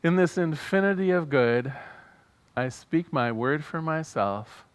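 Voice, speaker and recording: A man's voice: on the high side, expressive, measured pace, clear, resonant tone. Earnest man leading a church prayer. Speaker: minister. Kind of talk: sermon and prayer. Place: church service.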